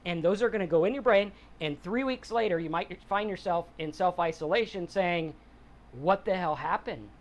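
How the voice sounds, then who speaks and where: A man's voice: high-pitched, a little fast, hardly any pauses, muffled recording. A middle-aged man hosting a podcast, talking casually and plainly about mental health and sobriety. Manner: conversational, acts out quotes in other voices. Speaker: podcast host. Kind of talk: casual motivational talk on sobriety.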